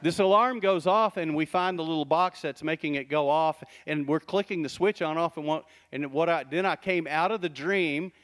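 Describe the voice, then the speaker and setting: A middle-aged man preaching a sermon in a slightly high voice. He talks to the congregation like a friend, with quick asides and lots of rhetorical questions. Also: fairly bright tone. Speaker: pastor.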